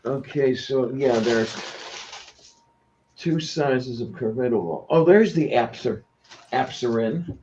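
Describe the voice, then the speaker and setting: A man's voice: mid-range voice, takes it slowly, pauses often, warm tone, lo-fi sound, slight background noise. A man in casual chat who talks in a musing way and mutters to himself. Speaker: podcast co-host.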